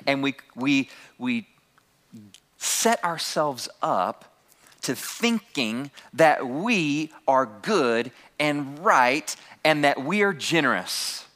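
A man's voice: medium pitch, sing-song, extremely slow, a bit bright. A man preaching a sermon to his congregation, calling out key phrases and having the room repeat them. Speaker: pastor.

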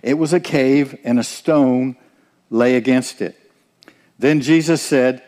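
A man's voice: mid-range voice, slow pace, darkish tone, long reverb tail. A man preaching a sermon, earnest and direct, often turning to ask the listeners questions. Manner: earnest, asks the congregation questions.

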